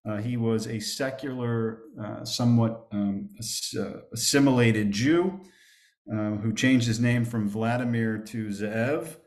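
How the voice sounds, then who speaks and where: Male rabbi lecturing from slides, mid-pitched, stop-start delivery, roomy echo. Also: fairly even intonation, a little mellow. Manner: halting, many fillers and restarts; reads quoted texts aloud with more emphasis. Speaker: rabbi teaching a class. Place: synagogue classroom.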